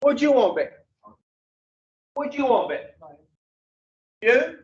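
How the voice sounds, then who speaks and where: A man's voice: very high voice, big pitch swings, slow pace. A man leading an addiction recovery group, lecturing bluntly and profanely and firing rhetorical questions at the room. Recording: distant, echoey, dull room recording.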